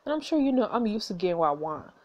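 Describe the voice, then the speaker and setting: A woman's voice: medium pitch, big pitch swings, rapid-fire, darkish tone, lightly acted. A woman voicing a menacing, powerful male Hollywood mogul who talks in a smug, coaxing way.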